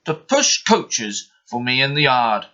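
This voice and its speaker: A man's voice: mid-range voice, big pitch swings, takes it slowly, pushed and bright, dull audio, full character voice. A man voicing a stout, fussy railway boss for a storybook, firm and commanding. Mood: kindly.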